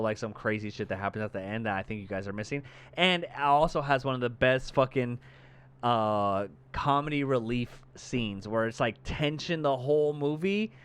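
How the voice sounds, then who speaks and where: A man's voice: mid-range voice, clear, resonant tone. A young man co-hosting a podcast, chatting casually and acting out scenes with lots of swearing. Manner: animated storyteller, swears casually, acts out scenes. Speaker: podcast co-host. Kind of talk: casual chat.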